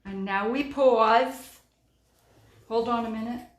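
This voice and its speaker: A middle-aged woman with a fairly high voice talks slowly through a card-making tutorial, narrating each step as she works and saying um often. Her crafting chat is relaxed and chatty, with faint music behind her in an echoey room.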